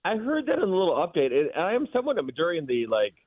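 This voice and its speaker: A man calls in to a sports radio show, throwing out quick, animated takes with big leaps in pitch. His voice comes through a thin, tinny phone line with no room sound around it. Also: no room sound.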